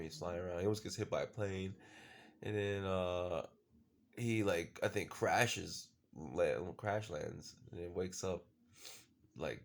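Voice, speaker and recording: A man's voice: deep voice, a little hiss or hum. A man casually recapping a show episode, rambling with lots of fillers and the odd swear word. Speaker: show reviewer.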